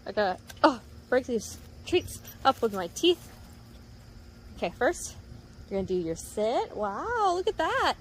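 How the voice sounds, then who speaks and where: A woman's voice: a little high, big pitch swings, measured pace, slight background noise. A woman casually coaching her pet fox through tricks, coaxing and laughing as she goes. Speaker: pet owner. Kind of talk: casual pet training commentary.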